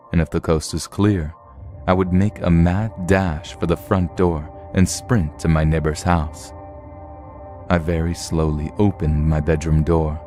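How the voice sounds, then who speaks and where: A man narrating true horror stories in a steady, measured storytelling read. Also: low-pitched.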